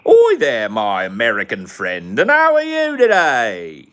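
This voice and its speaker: A man putting on a prim, stiff British gentleman with a mock upper-class British accent. The voice is pitched far above his own and drawn out in a sing-song lilt. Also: wildly swooping pitch, measured pace. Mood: chipper.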